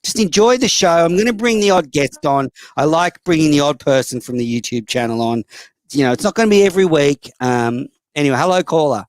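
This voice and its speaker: A man's voice: a little high, expressive, brisk, no echo. An Australian man hosting a casual call-in show, blunt, profane and mocking toward callers and other hosts. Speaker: host.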